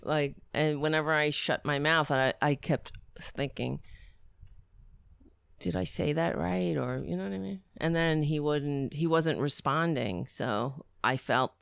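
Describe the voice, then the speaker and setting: A woman's voice: sits low, measured pace, gravelly, clean tone, no echo, clean studio sound. A woman hosting a casual livestream chat, rambling, swearing and putting herself down. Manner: self-deprecating, rambling, swears a lot. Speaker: livestream host.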